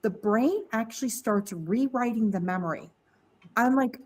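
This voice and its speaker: A woman telling a candid personal story on a podcast, lively and quoting others in her tale. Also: a little high, moderate pace, poor audio. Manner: candid, animated, mimics voices in quotes. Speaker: podcast guest. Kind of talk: casual storytelling.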